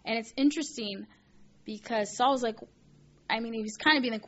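A woman's voice: on the high side, normal speed. Woman teaching scripture, reads then quizzes you, bit muffled sound. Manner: reads aloud then asks questions, animated asides. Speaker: bible teacher. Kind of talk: bible lesson reading and explaining scripture.

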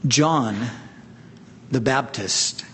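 A middle-aged man preaching a sermon, earnest and emphatic, drawing out key words with long pauses. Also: medium pitch, fairly bright tone, a little hiss or hum. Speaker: pastor.

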